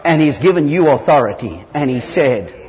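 Animated preacher, pitched a touch high. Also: male voice, normal speed. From southern Africa. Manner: animated storytelling with sudden loud jumps in pitch. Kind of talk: sermon. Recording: hall reverb.

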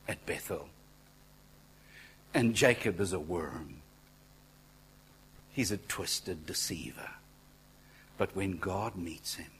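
A man preaching a sermon, telling stories in a conversational way, dropping to near-whispers and then rising to loud exclaiming, with asides to the congregation. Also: low voice, slight background noise, low-quality recording. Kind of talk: sermon with storytelling.

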